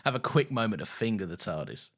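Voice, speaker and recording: A man co-hosting a podcast, chatting casually in an excitable, sweary way and laughing often. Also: fairly low pitch, fast. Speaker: podcast co-host. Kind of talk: casual chat.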